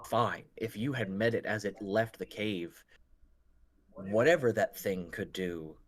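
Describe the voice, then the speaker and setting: A man narrating as game master in a tabletop role-play, describing scenes in a slow, measured way. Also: lowish voice.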